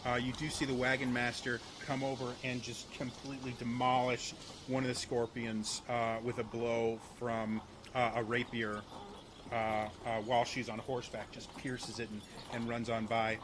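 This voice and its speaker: A man narrating as game master in a laid-back, halting way. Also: medium pitch, flat delivery, background noise.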